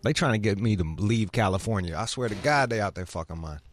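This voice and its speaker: A man hosting a show, talking in a casual, profane way that rises into loud outrage. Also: lowish voice, quick pace, soft background music. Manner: animated, swearing, rising into loud outrage. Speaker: show host.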